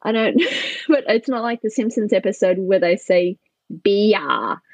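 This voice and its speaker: A woman from Australia with a faintly North American-tinged accent, chatting casually as an interview guest, self-deprecating and quick to laugh. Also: medium pitch, a little mellow, no echo, dull audio. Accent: slightly North American-sounding Australian. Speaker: sausage maker and brewer, guest.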